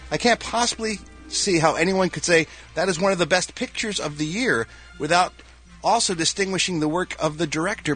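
A man's voice: fairly high pitch, fairly bright tone. A man hosting a radio show, joking his way through entertainment news in casual chat. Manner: wisecracking, reading news items.

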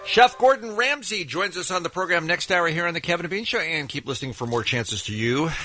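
A man's voice: on the high side, animated, brisk, bright, forceful tone, soft background music. A man hosting a radio show, upbeat and running the segment with easy laughs, speaking from a studio. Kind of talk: morning radio banter.

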